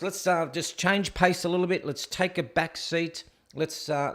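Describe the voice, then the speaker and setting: An Australian man hosts a live stream show, ranting sarcastically and speaking straight to his viewers with opinionated commentary. His voice is on the high side and fairly bright.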